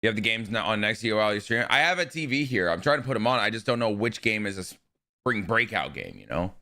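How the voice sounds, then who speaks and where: A man's voice: on the low side, sing-song, fast, sharp tone. A young man streaming live, talking casually and with energy to his chat and greeting viewers by name.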